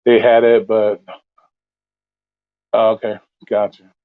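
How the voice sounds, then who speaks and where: A man's voice: fairly low pitch, level tone, slow, dry recording. A blunt man holds forth in a loose, profane rant as host of an open call-in stream. His voice comes through a thin, phone-like line. The sound is dry and close, with no room around it. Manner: blunt, swears constantly, rants. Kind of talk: casual profane chat.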